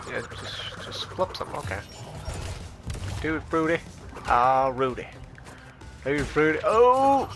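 A man with a gravelly, creaky voice chatting casually as he plays a game, mumbling asides and tossing out goofy sound effects. Game music plays clearly underneath him. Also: mid-range voice. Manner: playful, muttering, silly sound noises. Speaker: gaming YouTuber. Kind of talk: casual gameplay commentary.

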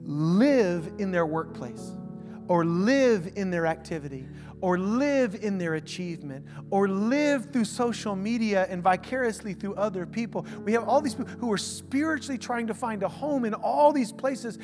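A man preaching a conversational sermon, swinging from loud emphasis to hushed, drawn-out words. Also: sits high, lively intonation, in a large hall. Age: adult father of a young son. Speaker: pastor. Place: church sanctuary. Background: soft instrumental music.

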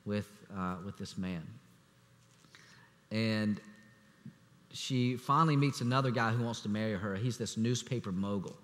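A man preaching a sermon as assistant pastor, speaking conversationally with restarts and fillers, sometimes dropping to a hushed voice. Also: fairly low pitch. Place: church sanctuary. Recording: echoey church hall.

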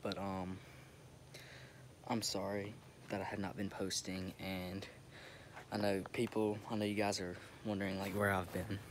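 Young guy on his phone, low flat voice, trying not to cry, stumbling over words, noisy background. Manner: halting, tearful, many restarts. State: holding back tears. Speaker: vlogger. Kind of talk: emotional direct-to-camera update. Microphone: phone camera. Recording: phone recording with noticeable background noise.

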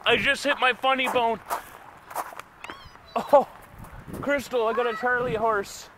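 A man vlogging with his family, talking excitedly to a handheld camera. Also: very high-pitched, a little slow, long pauses. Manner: excitable, exclaiming, narrating to the camera. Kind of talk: casual family vlog. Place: outdoors in a built-up area. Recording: outdoor ambient noise.

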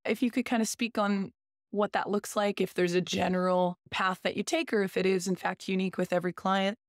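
A woman's voice: medium pitch, level tone, brisk, dry recording, studio quality. A woman hosting a podcast, thoughtfully affirming and building on her guest's points before asking questions. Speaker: podcast host. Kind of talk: reflective conversational interview.

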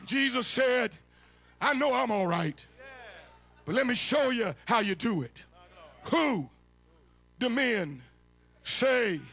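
A man preaching a sermon, shouting and chanting his lines in a sung, call-and-response cadence. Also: very high voice, sing-song, slow pace, pauses often, faint music behind. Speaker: bishop preaching. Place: church sanctuary.

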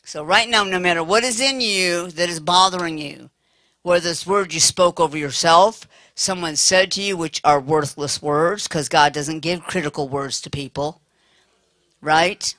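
A woman preacher giving a chatty sermon, dropping to a hush on prayers. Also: fairly low pitch, normal speed, no room sound. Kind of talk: sermon with retold story. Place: church.

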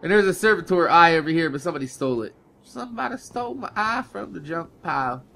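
A man's voice: fairly high pitch, lively intonation, fast talker, gravelly, fairly bright tone, slight background noise. A man hosting a gameplay video, rambling casually with lots of swearing and frequent laughs. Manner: profane, rambling, laughs often.

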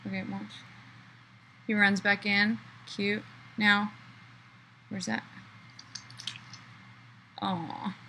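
Woman author, casual vlog from a hotel room, bright and effusive, gushing delivery. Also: mid-range voice, level tone, very slow, pauses often, slight background noise, low-quality recording. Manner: gushing, breathless enthusiasm. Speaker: children's book author. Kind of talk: casual excited video chat.

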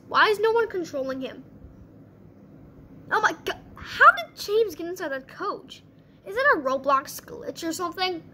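Very high-voiced excitable woman commentator. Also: a little hiss or hum. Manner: excitable, quick reactions, bursts of laughter. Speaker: channel host. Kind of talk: gameplay commentary.

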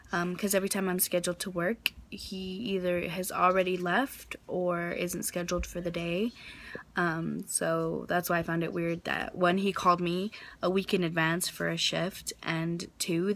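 A woman's voice: lowish voice, gravelly, a bit bright, slight background noise. A young adult woman talking casually to her camera in a daily vlog, telling a story with lots of ums and asides. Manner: chatty storytelling with many ums. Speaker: vlogger. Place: outdoors for part of the vlog.

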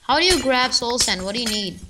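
A woman's voice: a little high, expressive, brisk, heavy background noise. A woman chatting casually while playing a game with friends, bubbly and given to squeals and chants. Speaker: gamer. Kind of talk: casual gaming chat.

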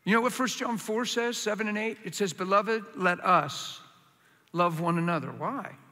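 Male preacher, passionate sermon, high voice, echoing hall sound. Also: normal speed. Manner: impassioned, swings from quiet to loud. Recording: hall reverb.

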